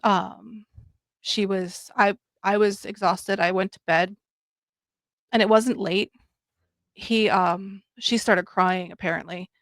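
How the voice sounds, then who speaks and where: Gravelly-voiced woman telling a story. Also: medium pitch, steady tone, takes it slowly, pauses often, no echo, clean studio sound. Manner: rambling, many ums and quoted dialogue. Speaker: podcast guest. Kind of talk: casual storytelling.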